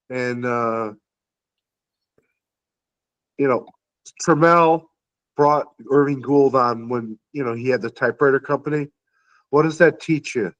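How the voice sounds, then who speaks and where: Man asking halting interview questions. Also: fairly high pitch, no echo, dull audio. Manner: brief backchannel replies, halting questions. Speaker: podcast host.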